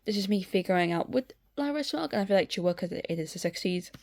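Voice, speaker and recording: A young woman chatting casually at home through a sketchbook tour, rambling with many fillers and getting excitable. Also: mid-range voice, fast talker, vocal fry. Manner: excitable, swears in bursts. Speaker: artist showing a sketchbook.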